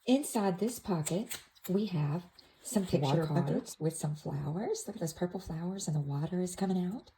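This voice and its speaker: A woman gently showing an activity book to toddlers, naming pictures in a soft, sing-song way. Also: on the low side, expressive, moderate pace, slight background noise, rough recording. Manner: soft, sing-song, with playful animal sounds. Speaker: toddler class teacher. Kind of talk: slow, gentle show-and-tell for toddlers.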